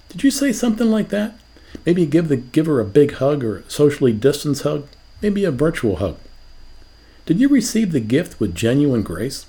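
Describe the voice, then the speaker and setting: A man's voice: fairly high pitch, very animated, normal speed, warm tone. An older man preaching a sermon as a pastor, asking rhetorical questions in a conversational way.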